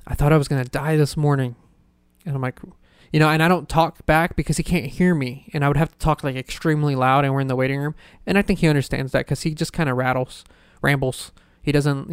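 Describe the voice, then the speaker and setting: Young guy, podcast host, loose rambling chat, smooth clear voice, dry close sound. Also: medium pitch, no room sound. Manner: rambling, full of "like" fillers and laughter. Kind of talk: casual storytelling chat.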